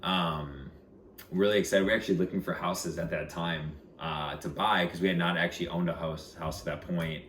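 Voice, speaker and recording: A man co-hosting a family vlog, talking in a relaxed, rambling way with casual slang and frequent restarts. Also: low-pitched, normal speed. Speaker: co-host, husband. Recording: echoey room with faint noise.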